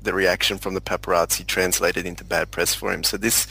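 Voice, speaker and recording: A man's voice: low-pitched, little pitch movement, a little fast, gravelly, bright, forceful tone, breathy edge, rough recording. A man in a casual music discussion, earnest and explanatory, with many likes and you knows. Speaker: podcast panelist.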